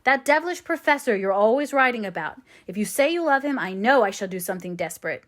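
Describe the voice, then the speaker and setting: A woman's voice: a little high, lively intonation, fast talker, fairly bright tone. A woman voicing a passionate, pleading young man in an audiobook reading. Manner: impassioned, pleading.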